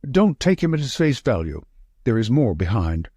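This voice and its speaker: A frightened, twitchy estate manager, read by a man in an audiobook, who pushes out short, gasping sentences. The voice is husky and swings lively up and down. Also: mid-range voice, moderate pace, dry recording, studio quality. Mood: agitated. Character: thin, nervous male estate manager, frightened. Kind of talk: audiobook reading.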